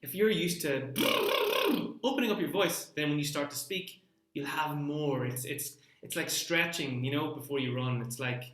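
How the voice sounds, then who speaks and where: A man's voice: on the high side, normal speed, a bit bright, reverberant, slight background noise. A man teaching an online singing lesson, coaching vowels and rhythm with sung examples.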